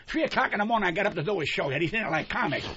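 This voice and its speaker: Older man ranting loudly, profane and lively. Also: high voice, racing, breathy edge. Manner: loud profane yelling rant. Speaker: comedian guest. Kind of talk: ranting radio talk. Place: radio studio. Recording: dull lo-fi radio broadcast with faint hiss.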